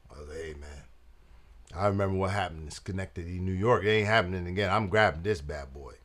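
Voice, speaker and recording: A man's voice: low-pitched, fast, a bit bright. A man hosting his own channel, telling a story in casual jazz slang and often saying "man" and "you dig". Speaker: trumpet player and channel host.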